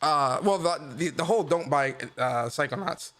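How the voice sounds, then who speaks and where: A man's voice: a little high, normal speed, fairly bright tone. Slangy laid-back male streamer. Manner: slangy, laughs often. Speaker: livestream host. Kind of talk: casual livestream chat.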